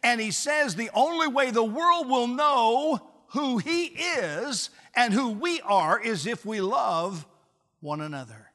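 A male pastor delivers a sermon in a high-pitched voice that carries through a church sanctuary. His words ring out with a long, lingering reverb. He presses his points with passion and gradually softens into quiet tenderness. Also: animated, slow pace. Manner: impassioned, then softening to a hushed close.

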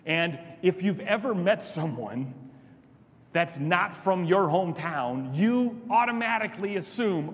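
Man preaching, highish voice, animated storytelling, soft low asides, long hall reverb. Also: unhurried. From Chicago. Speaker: pastor. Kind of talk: sermon.

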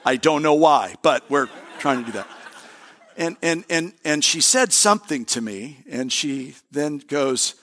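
A middle-aged man, a pastor, preaching a sermon in an animated way, repeating his phrases and talking straight to the congregation. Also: fairly high pitch, unhurried.

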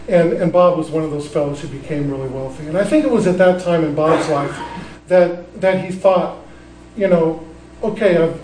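A man preaching a sermon as a pastor, telling stories in a relaxed, conversational way with frequent restarts. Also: a little high, roomy sound, recorded from a distance, rough recording. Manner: conversational storytelling with many restarts.

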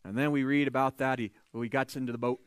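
A man preaches a sermon, retelling a scripture story in a lively, conversational way and acting out the characters' voices. His voice is mid-range and clean-toned, he talks fast, and there's no echo.

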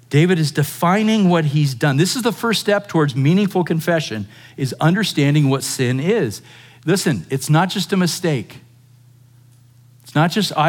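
A man preaching a sermon in a conversational style, often asking the listeners rhetorical questions. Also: fairly high pitch. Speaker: pastor.

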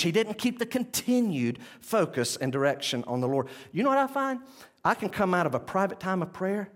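Animated preacher man, loud then hushed. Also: high voice, fairly quick. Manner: animated, swinging between loud emphasis and quiet intensity; conversational, addresses the congregation directly. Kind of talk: sermon.

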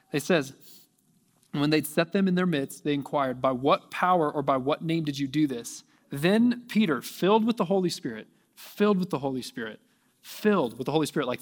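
A man preaching a sermon, reading scripture aloud and rising to near shouting at its peaks. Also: on the high side, big-room sound. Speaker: pastor.

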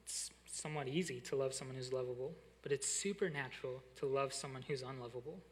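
A young adult man, a college pastor, preaching a sermon and telling a lively story that slows and softens on its key lines. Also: mid-range voice.

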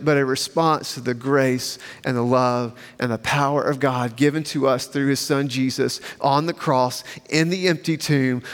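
A pastor delivering a sermon in a slightly higher male voice, emphatic and measured, stretching out key phrases. His words ring with a long reverb from a large church hall. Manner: measured, emphatic preaching with slow repeated refrains.

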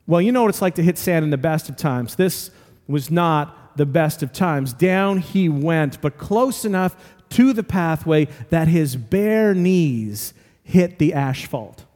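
An animated but unhurried male pastor delivers a sermon in a slightly high voice with a darkish tone. His earnest storytelling leans on emphatic repetition, echoing through the long reverb of a large hall.

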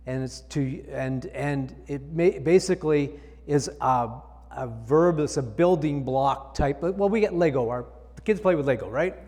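A man's voice: fairly high pitch, a little slow, darkish tone, big-room sound. A male pastor preaching a sermon, reading scripture aloud and explaining it with emphatic repetition.

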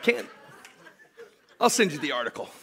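A man preaching a sermon, animated, swinging from shouted storytelling to hushed joking asides with his congregation. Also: on the high side, moderate pace, vocal fry, a faint crowd, a little hiss or hum. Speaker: pastor.

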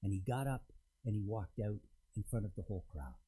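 A man preaching a sermon to a congregation, retelling a scripture story in a conversational, storytelling way with emphatic pauses. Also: lowish voice, animated, dark tone, husky, poor audio. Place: church in front of a congregation.

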